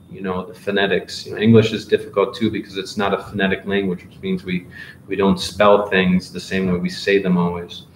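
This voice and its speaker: A man answering viewer questions in a live online English class, in a relaxed and encouraging teacher's manner. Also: on the low side, roomy sound, a little hiss or hum, poor audio. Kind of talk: live Q&A office hours.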